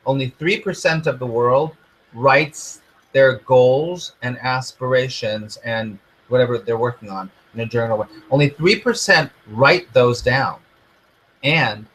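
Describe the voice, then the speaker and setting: A man who is a spiritual teacher and coach, giving an earnest, repetitive motivational lesson and often dropping to a soft near-whisper. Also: medium pitch, slight background noise, rough recording.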